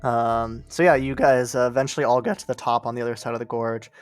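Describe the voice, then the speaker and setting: A man's voice: medium pitch, fast talker, smooth, no echo. Guy running a tabletop game, easygoing, lots of ums, some music faint in the back. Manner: relaxed, frequent ums, laughing asides. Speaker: game master.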